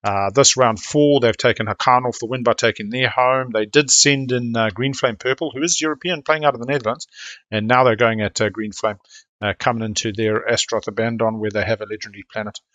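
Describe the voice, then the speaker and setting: A man from South Africa with a South African accent, commentating live on a board game in a chatty, excitable, slangy way. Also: medium pitch, brisk, no room sound, muffled recording.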